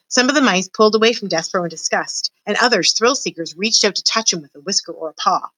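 A woman teacher talking to her students and reading a children's novel aloud in a lively, encouraging way. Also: mid-range voice, quick pace, hardly any pauses, dry recording, poor audio.

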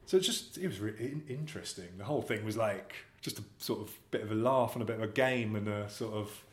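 A man's voice: fairly low pitch, fast. Chatty man telling anecdotes in an echoey room. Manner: chatty, rambling anecdotes with self-deprecating humour. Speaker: guest actor. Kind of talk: casual interview storytelling.

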